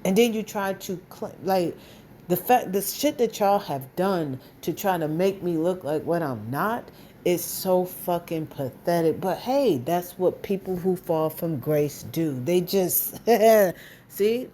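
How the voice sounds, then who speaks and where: Heated woman ranting, mellow voice. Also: lowish voice, animated, slow, a little hiss or hum. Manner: blunt, heated, profane, repeats insults. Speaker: vlogger. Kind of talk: angry direct-to-camera rant.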